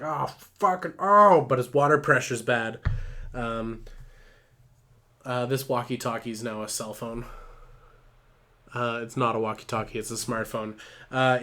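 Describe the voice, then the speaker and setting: A man's voice: mid-range voice, a bit bright. A man rambling casually through a live stream, profane and a little tipsy from a couple of drinks.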